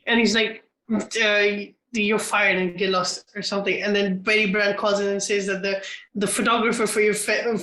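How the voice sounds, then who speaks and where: A co-host on a casual film podcast, halting and full of restarts, with dry, brief answers. The voice is bright and sharp, and it rings in an echoey room. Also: medium pitch, level tone.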